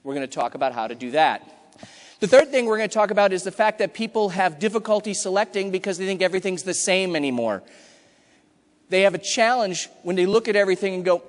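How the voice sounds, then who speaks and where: A high-pitched man delivers a punchy, emphatic keynote in a large hall with long reverb. He is middle-aged and acts out customer quotes in quick asides. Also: lively intonation. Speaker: conference keynote speaker. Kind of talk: energetic conference talk. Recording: hall reverb from a big room.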